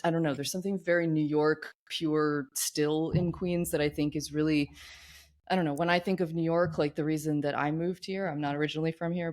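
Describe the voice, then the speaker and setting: A podcast host chatting enthusiastically with a guest, often adding "like" and "right?". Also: mid-range voice. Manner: enthusiastic, many "like" and "right?" tags. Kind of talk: casual interview chat.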